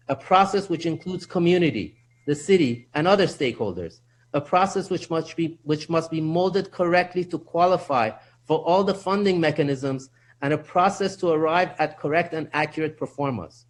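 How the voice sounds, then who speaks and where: Earnest man giving council comment. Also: fairly high pitch. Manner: earnest, repeats himself when restarting. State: slightly out of breath. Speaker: public speaker at city council. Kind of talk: prepared public comment. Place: council chamber.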